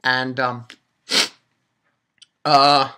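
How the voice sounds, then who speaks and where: A man giving a casual, rambling recap of an anime episode, excitable and quick to swear and laugh. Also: mid-range voice, smooth. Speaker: anime reviewer.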